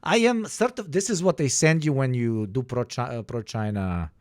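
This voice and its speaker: A man's voice: medium pitch, moderate pace, darkish tone, dry recording. A man live-streaming and reacting to clips with sarcastic, profane jokes.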